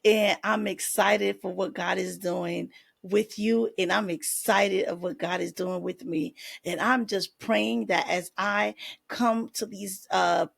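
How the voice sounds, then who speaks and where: A woman's voice: medium pitch, steady tone, takes it slowly, creaky, breathy edge. A woman life coach hosting her own podcast, speaking faith-based encouragement and affirmations straight to her listeners.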